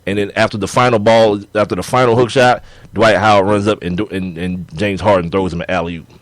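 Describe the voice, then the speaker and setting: A young man co-hosting a sports podcast in casual chat, animated and laughing as he argues his points. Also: lowish voice, fairly quick, no echo. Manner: animated, laughing, acts out players' quotes.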